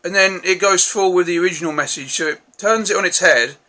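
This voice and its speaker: A man's voice: sits high, fast talker, bright, forceful tone. A man hosting his own channel, giving a casual, rambling film review with many restarts and mild, self-deprecating remarks.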